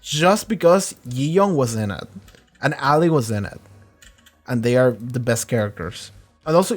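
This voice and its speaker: Rambling, foul-mouthed man reviewing a show. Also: mid-range voice. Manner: rambling, profane, excitable. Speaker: reaction video host. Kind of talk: casual reaction and review chat.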